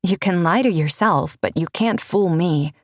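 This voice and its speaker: Brief: woman playing a determined young woman, earnest and steady. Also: lowish voice, moderate pace, no echo, lightly acted.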